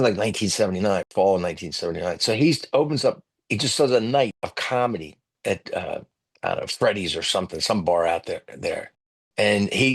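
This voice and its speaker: Animated man telling comedy stories. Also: mid-range voice, slightly rough. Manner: animated storyteller, acts out loud voices of others. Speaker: comedian guest. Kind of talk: storytelling podcast interview.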